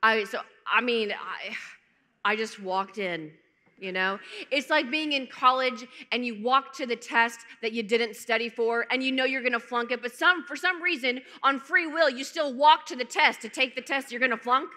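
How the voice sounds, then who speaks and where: A woman's voice: fairly high pitch, moderate pace, sharp tone. A woman from the United States giving a testimony talk at a conference, telling her story with humor and acting out the quotes. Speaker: conference speaker. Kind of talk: testimony talk to a large audience. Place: large conference hall. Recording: long hall reverb.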